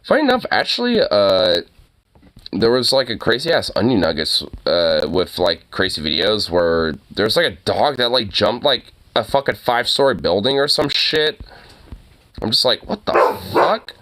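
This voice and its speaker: A man's voice: lowish voice, big pitch swings, normal speed, a bit bright. A young man chatting casually to the camera and his dog, loose and profane, laughing often and full of fillers. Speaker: dog owner vlogger.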